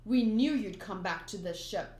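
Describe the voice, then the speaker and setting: A woman voicing gruff male pirate thugs who taunt in a low, threatening way, in a manga readthrough. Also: moderate pace, a little mellow, lightly acted. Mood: menacing. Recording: roomy echo.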